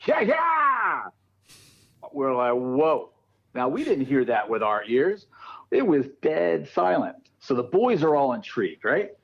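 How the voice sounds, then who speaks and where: A guest paranormal researcher tells a ghost story during casual podcast chat, animatedly acting out what people said. His mid-range voice is gravelly and a little slow, and the recording sounds muffled.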